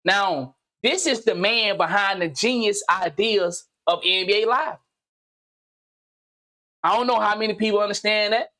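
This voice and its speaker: A man hosting a gaming channel, delivering a loud, slangy, profane comedic rant that swings into shouting. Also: high-pitched, a little slow. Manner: slangy, repetitive, teasing.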